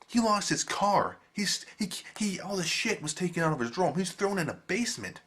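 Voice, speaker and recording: A man giving a casual video review, animated and emphatic, swearing freely. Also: high-pitched, normal speed, husky.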